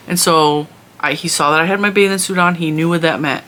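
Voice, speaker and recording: A woman's voice: deep voice, fairly even intonation, fairly quick, fairly bright tone, a little hiss or hum. A woman telling a long story in a casual vlog, chatty and rambling with lots of restarts. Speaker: vlogger and mother.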